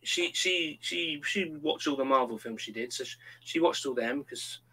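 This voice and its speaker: A man's voice: medium pitch, normal speed, husky, low-quality recording. A man in his thirties, chatting casually and acting out quotes as he tells stories. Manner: animated storyteller, acts out quotes. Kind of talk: casual chat.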